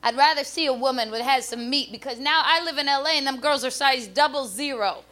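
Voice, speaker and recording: On a club stage with a handheld mic, a woman performs stand-up comedy, brash and loud with punchy delivery. Her voice sits high and she talks a little fast.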